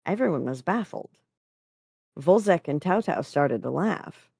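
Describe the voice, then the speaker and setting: Woman story reader, slow and low, dry close sound. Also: expressive, gravelly, a little mellow, husky, no echo. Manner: measured, unhurried reading. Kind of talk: reading a story aloud.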